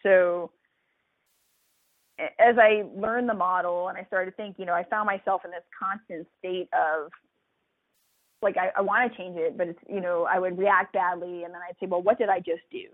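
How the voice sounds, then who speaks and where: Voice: medium pitch, steady tone, normal speed. A physician who trains residents speaks in a loose, conversational way, leaning on fillers and restarting sentences often. The voice comes through a narrow, tinny phone line. The sound is dry, with no room echo. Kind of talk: casual reflective talk.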